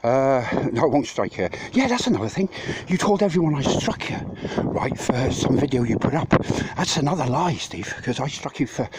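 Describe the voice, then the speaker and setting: A man's voice: mid-range voice, big pitch swings, normal speed. Guy puffing and ranting at a building site, swears a lot, noisy clicky phone audio. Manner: rambling, sweary, ranting at a rival. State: out of breath. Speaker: vlogger. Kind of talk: casual walk-and-talk vlog. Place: outdoors at a building site in hot weather. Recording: clear background noise with clicks.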